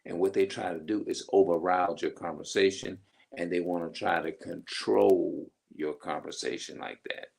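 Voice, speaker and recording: A man's voice: low voice, steady tone, moderate pace, creaky, darkish tone. A middle-aged man in a rambling, emphatic casual monologue, swearing freely as he vents. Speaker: vlogger.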